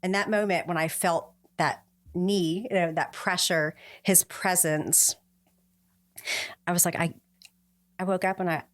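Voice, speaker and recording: A woman's voice: fairly even intonation, a little slow, pauses often. A middle-aged woman, a podcast guest, telling a personal story in a heartfelt way and lifting her voice when she quotes others. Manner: heartfelt, acts out quoted voices with a lifted pitch.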